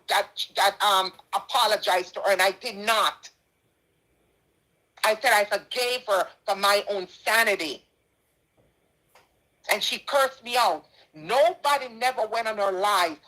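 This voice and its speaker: Indignant Jamaican woman, bright voice. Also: medium pitch, measured pace, rough recording. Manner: indignant, emphatic, repeats her points. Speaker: charity donor responding to a dispute. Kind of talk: impassioned personal statement.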